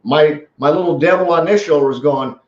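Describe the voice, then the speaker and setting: A man hosting a casual live stream, telling stories in an animated way and often restarting his sentences. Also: fairly high pitch, a little fast. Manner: animated storytelling with many restarts. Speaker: host. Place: small office room. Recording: echoey room, dull lo-fi sound.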